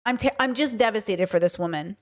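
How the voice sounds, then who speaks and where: A woman's voice: medium pitch, a little fast. A woman streamer reacting to news clips, talking indignantly and animatedly and mimicking other people. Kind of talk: casual reaction commentary.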